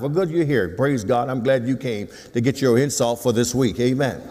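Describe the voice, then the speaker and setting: A man's voice: medium pitch, lively intonation, brisk, hardly any pauses, darkish tone. A pastor in his sixties preaching a sermon in a folksy, teasing way, calling for responses from the congregation. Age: 60s. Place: church sanctuary. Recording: long hall reverb.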